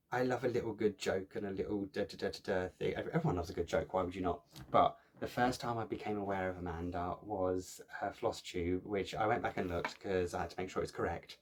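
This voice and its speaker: A man with a slightly low voice talks casually to his viewers as a cross-stitch vlogger. He rambles in a friendly way, cracks jokes that fall flat and then laughs at himself. His speech is full of ums, uhs and false starts. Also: a little hiss or hum. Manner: chatty, jokey, self-mocking, many fillers. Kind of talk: casual chat to camera.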